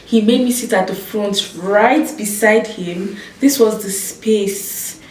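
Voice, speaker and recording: A woman's voice: medium pitch, takes it slowly, far from the mic. Young woman, storytime vlog, echoey room, a bit off mic, faint background hum. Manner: animated storytelling, acts out quoted voices. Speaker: vlogger.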